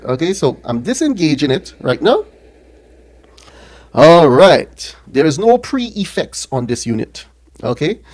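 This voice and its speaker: A man's voice: on the high side, a little mellow. A man reviewing an audio mixer in a casual hands-on demo, talking into a studio mic run through the unit and checking in with the viewer after nearly every phrase. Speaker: product reviewer. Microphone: speaking into a studio mic run through the mixer being tested.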